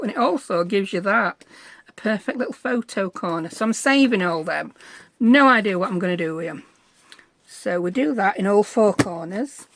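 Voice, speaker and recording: A woman's voice: mid-range voice, fairly bright tone. A middle-aged woman, chatting through a crafting tutorial in a bubbly, self-deprecating way. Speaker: craft vlogger.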